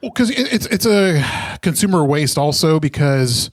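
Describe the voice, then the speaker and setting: A man's voice: a little high, expressive, moderate pace. A man co-hosting a casual podcast, talking in a chatty, stumbling way with lots of restarts. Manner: chatty, stumbling, reads live chat aloud. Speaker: podcast co-host.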